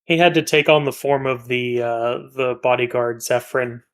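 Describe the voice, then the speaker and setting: Man, mid-pitched voice, easygoing, agreeable chat. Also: steady tone, normal speed, smooth. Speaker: player.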